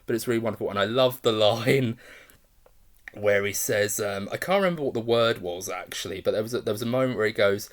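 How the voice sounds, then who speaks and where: A man's voice: on the low side, fairly quick. A man giving a casual film review, rambling with enthusiasm, restarting sentences and often laughing.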